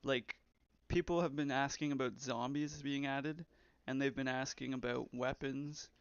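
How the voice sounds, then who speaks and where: A man's voice: mid-range voice, steady tone, a little slow, clear, resonant tone, no room sound. A young man who develops games, chatting casually on a live stream, rambling and reading chat aloud. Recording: slightly dull, lo-fi stream audio.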